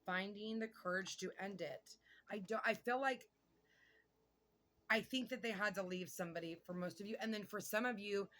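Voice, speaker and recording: A woman giving a casual tarot reading, chatty and excitable, thinking aloud and swearing now and then. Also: medium pitch, fairly quick, hardly any pauses. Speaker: tarot reader.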